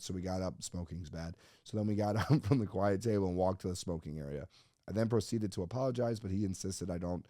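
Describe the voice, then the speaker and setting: A man's voice: low voice, dark tone, dry recording, clean studio sound. A man hosting a comedy podcast, reading a listener post aloud and joking about it in casual chat. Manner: joking, reads listener posts aloud and riffs on them. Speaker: podcast host.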